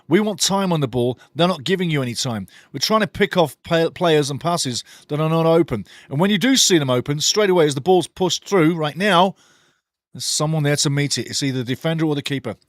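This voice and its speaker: Brief: male watchalong host, excited play-by-play with low opinionated asides, fairly high voice, dry close mic. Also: a little fast, dry recording. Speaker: watchalong host commentating a match. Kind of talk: live match commentary with chat replies.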